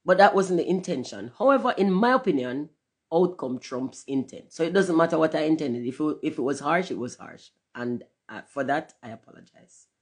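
A woman's voice: lively intonation, moderate pace, husky. Woman host, casual livestream monologue, frank and salty, patois creeping in, voice rises and falls a lot. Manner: candid, profane, swings between loud emphasis and low murmurs; drifts into patois phrasing. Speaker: channel host.

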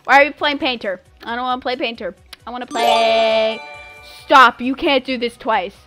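A woman's voice: a little high, steady tone, moderate pace, a bit bright, soft background music. A young woman streaming a game live, effusively and dramatically thanking her viewers with lots of exclamations.

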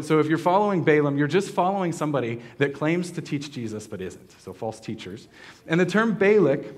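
Pastor, male, slightly high voice, relaxed conversational sermon delivery, lots of ums and self-corrections, quizzes the congregation. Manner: casual, conversational preaching with many fillers and restarts; asks the congregation questions.

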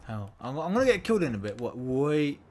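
A young man giving gameplay commentary, ranting and swearing, swinging between yelled outbursts and low muttering. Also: sing-song, fast, a little hiss or hum. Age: young adult. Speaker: gamer.

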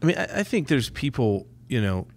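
A man's voice: medium pitch, big pitch swings, a little fast. A man co-hosting a podcast, chatting casually and making his points emphatically. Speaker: podcast co-host.

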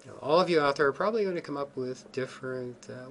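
A man's voice: medium pitch, steady tone, normal speed, a bit bright, slight background noise. A man giving a recorded geophysics lecture over slides, informal and thinking aloud, with many ums and restarts.

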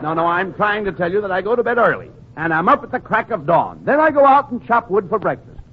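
A man's voice: high-pitched, sing-song, quick pace, husky. A man playing the exasperated, scolding straight man in a 1940s radio comedy. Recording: dull lo-fi 1940s radio broadcast. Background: studio audience laughter.

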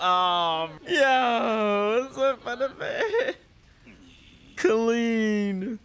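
A man reacting to an anime episode, bursting into exclamations and slang as he watches. His pitch swings widely and he stretches his words out slowly. Faint music plays underneath. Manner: excitable, exclamatory, heavy slang. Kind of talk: live reaction commentary.

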